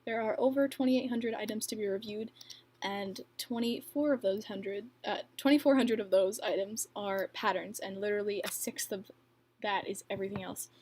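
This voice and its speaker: A woman's voice: mid-range voice, steady tone, normal speed, darkish tone, husky. Chatty young woman on a livestream. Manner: chatty, filler-heavy, laughs often. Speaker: livestream host and bracelet maker. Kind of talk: casual livestream chat reading comments.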